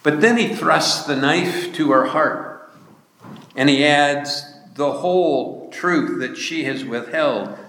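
Male pastor, sermon, unhurried and deliberate, long hall reverb. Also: on the high side, a bit bright. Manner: slow, deliberate preaching with emphatic rises. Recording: echoey hall.

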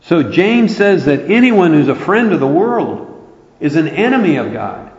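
A man's voice: a little high, big pitch swings, a little slow. A man preaching a sermon, earnest and emphatic, quoting scripture throughout. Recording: roomy, dull lo-fi hall recording.

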